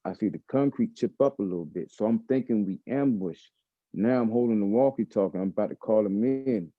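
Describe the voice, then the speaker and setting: American man, lowish voice, emphatic storyteller, repeats himself, dull dry lo-fi recording. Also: fairly quick, dry recording. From United States. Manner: emphatic, repeats phrases, acts out quoted dialogue. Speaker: guest. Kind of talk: animated first-person storytelling.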